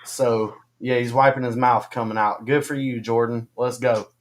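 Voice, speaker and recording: A man co-hosting a casual fantasy football livestream, talking haltingly with many ums and restarts. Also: medium pitch, steady tone, noisy background. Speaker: co-host of a fantasy football stream.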